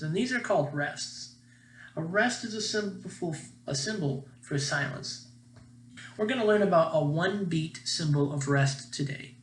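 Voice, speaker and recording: Guy music teacher, kinda high voice, upbeat kids lesson, echoey classroom. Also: pushed and bright, a little hiss or hum. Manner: friendly, upbeat, chanting rhythm syllables.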